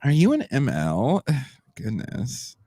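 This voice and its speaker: A man doing a parody of a vapid, self-absorbed influencer, drawling in a creaky vocal fry. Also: medium pitch, wildly swooping pitch, takes it slowly, warm tone, no echo, heavily acted.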